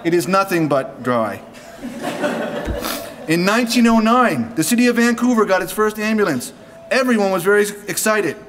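A man's voice: high-pitched, animated, moderate pace, a bit bright, a little hiss or hum. A man from Canada giving a joking wedding speech at a reception, reading prepared lines with humor. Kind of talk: wedding toast.

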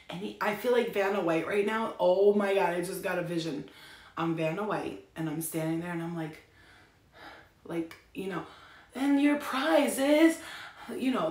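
A young woman gives a loose, rambling tarot reading, swearing freely as she chats. Her lowish voice has a gravelly fry to it. The sound is roomy and echoey, with a faint hiss behind her. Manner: rambling, profane, chatty. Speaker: tarot reader. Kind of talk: casual tarot reading stream. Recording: echoey room with faint noise.

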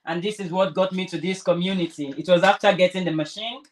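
A woman's voice: fairly low pitch, fairly even intonation, fast talker. A woman vlogger chatting casually while sewing, rambling and restarting her sentences. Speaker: crafter vlogger.

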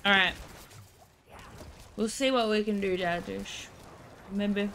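A woman's voice: medium pitch, fairly even intonation, unhurried, vocal fry, a bit bright, slight background noise. A woman with an Australian accent, streaming and chatting casually with viewers, playful, laughing often and baby-talking to her dog.

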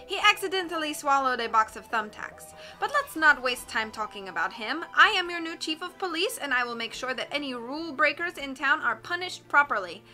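A woman's voice: sits high, expressive, brisk, few pauses, sharp tone, soft background music, heavily acted. Woman reading as a curt police chief. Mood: dismissive.

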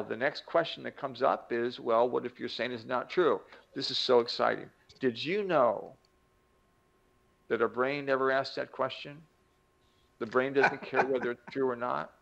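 A man's voice: medium pitch, measured pace, gravelly, a bit bright, dull audio. An older man giving an emphatic motivational talk, acting out quoted voices as he teaches. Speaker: self-help teacher.

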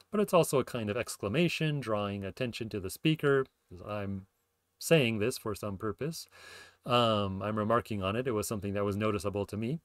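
Low-voiced man explaining ideas. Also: no echo, studio quality. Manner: thinking aloud, frequent fillers and self-corrections. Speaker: podcast host explaining linguistics. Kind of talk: casual explanatory lecture.

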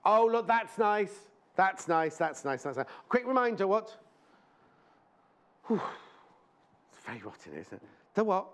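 A man's voice: high voice, very animated, measured pace, long pauses, a bit bright. A man presenting a live shopping show in a TV studio, chatting in rambling anecdotes and speaking fondly to viewers.

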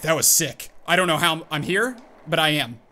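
A man hosting a gaming video, giving excitable live commentary full of exclamations as he plays. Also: on the high side, a little fast. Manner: excitable, exclaiming and self-hyping. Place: at a home computer desk.

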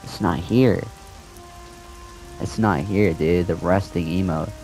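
A man's voice: low voice, takes it slowly, mellow, soft background music, poor audio. A young man in a casual gaming vlog, ranting with frustration and repeating himself. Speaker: gaming video creator.

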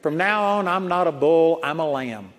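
A man's voice: on the high side, normal speed, natural voice. A man voicing a mean bull who earnestly decides to be a lamb, musing to himself. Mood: repentant. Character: mean male bull turned repentant. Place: large auditorium. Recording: long auditorium reverb.

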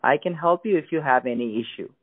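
A man's voice: on the high side, fast talker. A man working as a phone support agent, curt and insistent. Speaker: call center agent. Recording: tinny phone line, busy call center. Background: crowd chatter.

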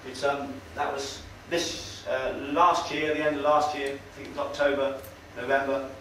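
At medium pitch, level in tone, a man speaks at normal speed with a pushed, bright quality. His talk to a meeting-hall audience is conversational and sardonic, hesitant with fillers. The recording is distant and roomy, with faint noise.

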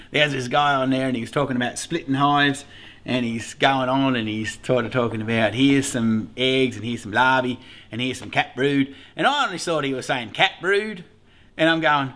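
A man's voice: medium pitch, moderate pace, pushed and bright. A middle-aged Australian man hosting a casual beekeeping vlog, rambling along, swearing freely and laughing often. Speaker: beekeeper host.

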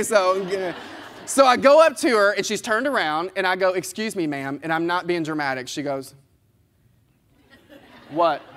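A man, giving an animated, playful motivational keynote and talking straight to the audience. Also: high voice. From Kentucky, US. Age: 30s. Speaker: keynote speaker. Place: large conference hall. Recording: long hall reverb.

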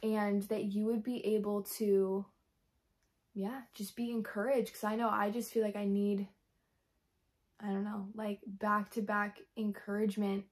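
A woman talking candidly in a personal faith vlog, her voice tired and worn, soft and halting with many fillers. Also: medium pitch, flat delivery. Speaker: faith vlogger.

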